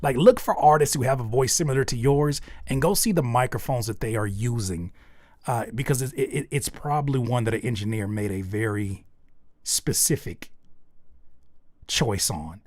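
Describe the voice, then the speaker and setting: A man's voice: medium pitch, normal speed, no room sound. A man hosting a livestream, giving candid and rambling feedback on listeners' songs, with many restarts. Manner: candid, rambling with restarts, gets loud and animated in disbelief. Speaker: host reviewing listener music. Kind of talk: casual livestream music feedback.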